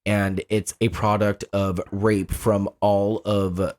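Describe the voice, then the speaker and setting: A man co-hosting a casual podcast chat, talking in an animated, profane way and acting out movie characters. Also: on the low side, takes it slowly. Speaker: podcast co-host.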